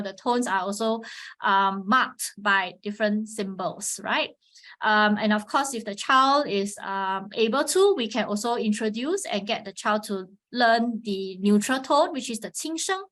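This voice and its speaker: A woman with a fairly high voice teaches over a webinar mic in a patient, methodical way. She keeps checking in with listeners and breaks into exaggerated rises and falls when she demonstrates a sound. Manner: patient teacherly explaining, frequent "all right" check-ins; models Mandarin tones with sharp pitch swings. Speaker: webinar presenter on teaching Chinese. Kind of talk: instructional webinar talk.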